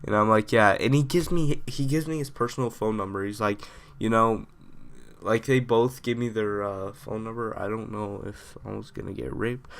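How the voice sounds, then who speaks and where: A man's voice: fairly low pitch, steady tone, normal speed, a bit bright. A young man telling a story to his channel in a rambling, casual way, full of fillers. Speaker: vlogger.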